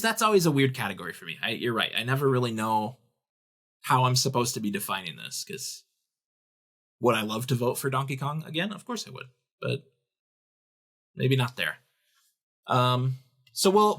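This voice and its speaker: A man's voice: medium pitch, fairly bright tone. A man co-hosting a gaming podcast, chatting casually with frequent ums and restarts, and reading news items aloud. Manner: hesitant, lots of ums and restarts. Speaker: podcast co-host.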